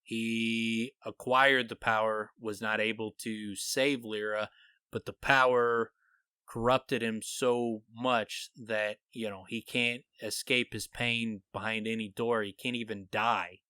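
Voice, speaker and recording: A man co-hosting a podcast, animatedly thinking out loud as he retells and theorizes about scenes from a book. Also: on the low side, level tone, slow, clean tone, no room sound. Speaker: podcast co-host. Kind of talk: casual podcast discussion.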